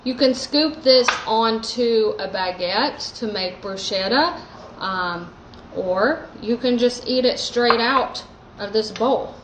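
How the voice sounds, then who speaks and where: A woman hosting a live cooking demo from her home kitchen, chatty and relaxed, with lots of fillers. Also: fairly high pitch, slow pace, reverberant, noisy background. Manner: chatty, lots of likes and ums. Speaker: host. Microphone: phone live stream.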